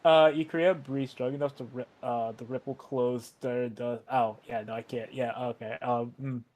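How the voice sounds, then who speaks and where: A man playing at a tabletop game, talking in a halting, rambling way and repeating himself. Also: mid-range voice, steady tone, a little mellow. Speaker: player. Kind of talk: casual chat at a game table.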